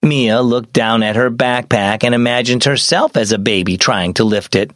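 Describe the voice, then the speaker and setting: Dry, animated male children's storyteller. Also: mid-range voice, normal speed, dry recording. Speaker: host of children's devotional show. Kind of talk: scripted narration for children.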